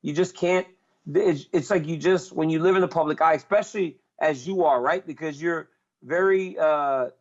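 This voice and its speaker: A man's voice: fairly high pitch, moderate pace, highs cut off. A man talking as a guest in casual chat, earnest and repeating himself as he searches for words.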